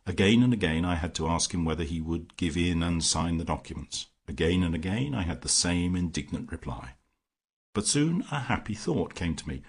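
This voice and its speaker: A man narrating a classic detective story in the first person, measured and even. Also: low-pitched, breathy edge. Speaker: audiobook narrator.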